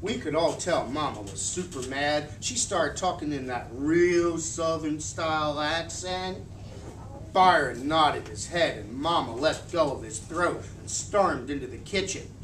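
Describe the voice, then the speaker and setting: Guy reading a kids' book aloud, high lively voice, echoey room, a bit far from the mic. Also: a little slow. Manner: animated, expressive storytelling. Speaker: reader. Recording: roomy, from a distance, faint hiss.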